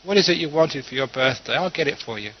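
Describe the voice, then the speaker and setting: A man's voice: on the high side, animated, quick pace, slight background noise, natural voice. A man voicing a wealthy grieving father in a story, earnest and pleading. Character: rich grieving older father. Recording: dull lo-fi recording.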